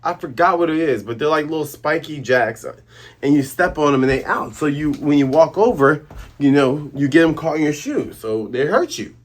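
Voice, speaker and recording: Husky rambling man recapping a comic. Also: on the high side, lively intonation, moderate pace. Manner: rambling, laughs at own voices, self-corrects. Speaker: manga review host. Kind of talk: casual recap commentary.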